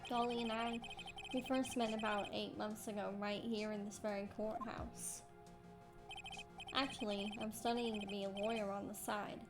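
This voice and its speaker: A woman's voice: mid-range voice, flat delivery, normal speed, close to an everyday voice. A woman voicing a naive, lovestruck young male student from a video game, talking in an earnest, stammering way. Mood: smitten. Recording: game music behind.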